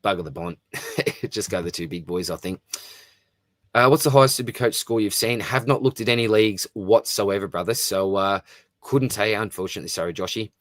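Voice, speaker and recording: Aussie bloke on a live stream, lowish voice, dry close mic, matey and chatty. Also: male voice, a little fast, fairly bright tone, no room sound. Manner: matey, chatty, often says "mate". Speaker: fantasy football live stream host. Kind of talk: casual live stream chat reading comments.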